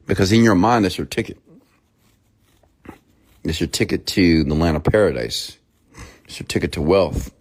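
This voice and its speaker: A motivational speaker in his thirties shares a personal story, animatedly acting out both sides of it. His voice is low, his pace moderate, and he pauses often.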